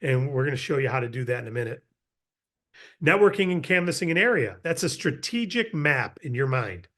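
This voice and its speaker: A middle-aged man giving a casual, energetic sales training and acting out sample pitches. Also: a little fast. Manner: energetic, acts out sales scripts.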